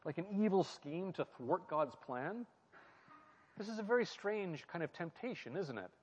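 A man's voice: high-pitched, expressive, normal speed, slightly rough. Man teaching scripture in a reverberant hall. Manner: reflective, asks the listener questions, repeats key phrases. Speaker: preacher. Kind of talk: sermon-style Bible teaching. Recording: muffled sound with a long hall reverb.

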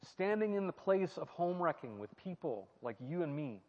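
A man with a voice on the high side delivers a very animated sermon-style teaching at normal speed, walking through a Bible passage. Reflective, he asks his hearers questions and repeats key phrases. It's captured in muffled audio with long hall reverb.

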